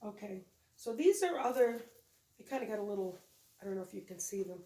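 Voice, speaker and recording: A woman's voice: mid-range voice, expressive, fairly quick, very noisy. A woman chatting casually and rambling a bit while showing holiday decorations in her home vlog. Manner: rambling, chatty, self-correcting. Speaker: co-host of home decorating channel. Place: home room with decorated tree. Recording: echoey room, mic at a distance.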